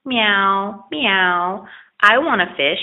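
A woman's voice: medium pitch, expressive, very slow. A woman voicing a sly, greedy female black cat who mews and begs with a phony purr, in a storybook reading. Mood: wheedling. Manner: wheedling, mewing, phony purr. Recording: tinny phone-like lo-fi recording.

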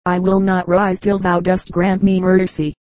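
A woman's voice: on the low side, completely flat delivery, normal speed, darkish tone, no room sound, natural voice. A woman reading the lines of a treacherous, jealous male knight with sullen, archaic speech.

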